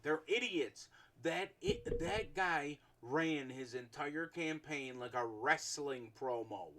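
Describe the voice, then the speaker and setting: A man's voice: a little high, expressive, takes it slowly, noisy background. A man co-hosting a casual podcast chat, ranting in a blunt, heated, profane way. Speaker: podcast co-host.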